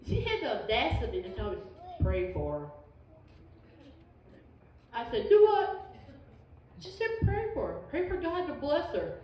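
A woman's voice: on the high side, a little hiss or hum. A woman gives an informal church teaching, folksy and emphatic. She is recorded from a distance in a very echoey sanctuary. The sound is dull and a little muffled. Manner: folksy, emphatic, repeats amen. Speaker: Sunday school teacher.

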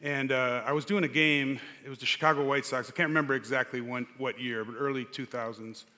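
An older man as guest speaker, telling his personal story with many pauses and fillers on a church stage. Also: mid-range voice, fairly even intonation, bright, forceful tone. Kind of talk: personal testimony in an interview. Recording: church hall reverb.

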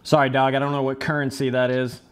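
A man's voice: mid-range voice, level tone, quick pace, smooth. Profane young man streaming a race. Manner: casual, profane, talks to chat as brother and dudes; talks himself through the race under his breath. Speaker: live streamer. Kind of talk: live gameplay commentary.

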